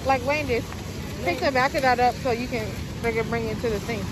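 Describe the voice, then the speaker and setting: A woman's voice: fairly high pitch, a little fast. A young woman vlogging on a handheld camera outdoors. She talks in a chatty, blunt way with casual swearing. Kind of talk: casual vlog narration. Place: outdoors on busy streets and hiking trails. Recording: crowd chatter and outdoor noise.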